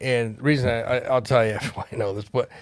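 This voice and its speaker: A man telling a long story as a podcast guest, animated and profane, laughing as he goes. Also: medium pitch, a little fast, no room sound. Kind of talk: casual storytelling. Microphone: studio mic.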